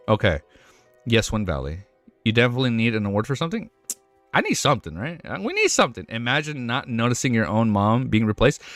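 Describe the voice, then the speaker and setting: A young man streaming live, chatting casually with his audience, excitable and swearing often, tripping over his words and laughing. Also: mid-range voice, no room sound. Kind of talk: casual livestream chat.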